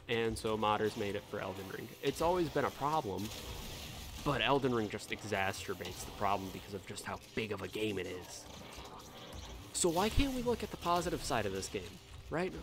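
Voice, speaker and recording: A man ranting in a casual gaming vlog, animated and heated, swearing freely as he argues his point. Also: fairly low pitch. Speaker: gaming video creator.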